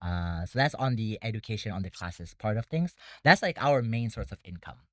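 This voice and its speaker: A man's voice: on the low side, lively intonation, fairly quick, no room sound. A man who runs a debate academy, talking casually in an interview and explaining things step by step with many fillers. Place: Bangkok.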